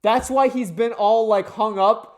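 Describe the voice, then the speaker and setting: A man giving casual let's play commentary in an excitable, swearing, joking way. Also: high-pitched, unhurried.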